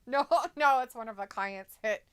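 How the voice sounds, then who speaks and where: A woman's voice: on the high side, moderate pace, smooth. A woman co-hosting a casual live stream, reading viewer comments aloud, giggling often and teasing her co-host. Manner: giggly, laughs often between remarks. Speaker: co-host of a live wrestling watch-along stream.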